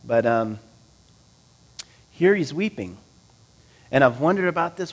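Lively, animated male preacher. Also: medium pitch, measured pace, long pauses. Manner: conversational, asks the listeners questions; lively, swinging between loud and quiet. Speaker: pastor. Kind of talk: sermon, reading and explaining scripture.

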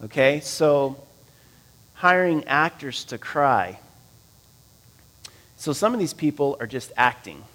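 Lively, animated male preacher. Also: mid-range voice, slow pace, pauses often. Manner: conversational, asks the listeners questions; lively, swinging between loud and quiet. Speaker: pastor. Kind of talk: sermon, reading and explaining scripture.

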